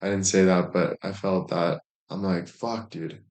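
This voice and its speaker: A man's voice: low voice, flat delivery, moderate pace, darkish tone. A man chatting casually as a streamer, rambling along with heavy swearing and plenty of filler words. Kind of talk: casual chat.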